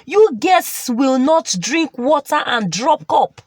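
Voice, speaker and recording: A woman voicing a bitter newlywed woman who scolds and whines in a high, shrill voice. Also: very animated, takes it slowly, dry recording, full character voice. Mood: scolding.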